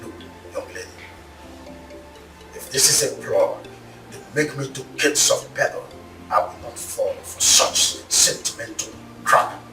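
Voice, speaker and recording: A man's voice: medium pitch, natural voice. An actor playing a stern, commanding father who forces his daughter to marry, with a Nigerian accent. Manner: cold, commanding, measured. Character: stern wealthy father forcing a daughter's marriage. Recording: roomy echo, heard from a distance, music behind.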